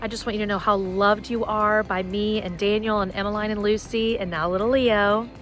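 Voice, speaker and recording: A woman recording a tender, emotional message of congratulations to a friend, repeating herself warmly. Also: medium pitch, steady tone, brisk.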